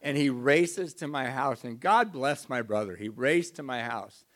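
A man's voice: medium pitch, lively intonation, measured pace, fairly bright tone. A middle-aged man giving a confessional, emotional, self-mocking personal testimony as a recovery speaker.

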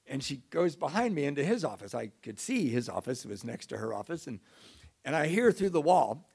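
A middle-aged man telling a self-mocking recovery story to an audience, in an animated way. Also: fairly high pitch, brisk, vocal fry, slightly rough. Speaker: speaker sharing recovery story.

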